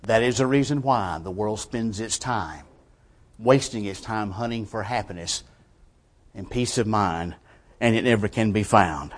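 A male preacher delivering a sermon with rhetorical questions, shifting between quiet, measured lines and forceful emphasis. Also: on the low side.

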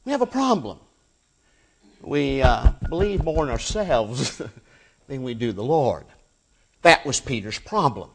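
A man preaching a sermon, swinging between loud emphatic peaks and hushed, low endings, and reading scripture aloud.

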